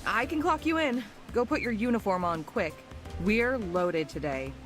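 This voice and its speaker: A man voices a busy young barmaid in a game read-aloud, her tone lifted and lighter than his normal speech. She is brisk and harried, and she gets straight to the point. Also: high-pitched, animated, fairly bright tone, soft background music, voice pushed up.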